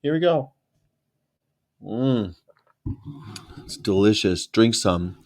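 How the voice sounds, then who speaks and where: A man's voice: on the low side, lively intonation, slow pace, long pauses. A man hosting a reaction video, casual, profane and mocking, rambling from one thought to the next.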